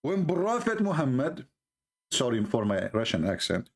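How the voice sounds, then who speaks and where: Sarcastic man mocking in halting English. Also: mid-range voice, very animated. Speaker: commentator. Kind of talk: mocking commentary on a clip.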